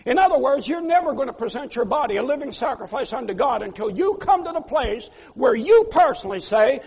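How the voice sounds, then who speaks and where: A man preaching a sermon, his voice high and gravelly with a husky edge. He rises into loud pleas, then drops to quiet asides. A long hall reverb trails behind every phrase. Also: expressive, fairly quick, few pauses. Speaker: pastor.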